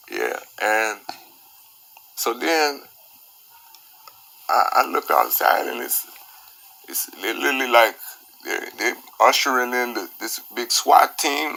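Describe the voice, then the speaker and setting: Bright-voiced man retelling a tense standoff. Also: low-pitched, creaky, low-quality recording. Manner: intense, repeats phrases, grows quiet and subdued later. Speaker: father recounting a police standoff. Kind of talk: emotional first-person retelling.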